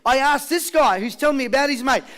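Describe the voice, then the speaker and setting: A man with an Australian accent giving a high-energy motivational seminar, rallying a live audience with questions and call-and-response. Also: fast, a bit bright. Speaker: motivational speaker.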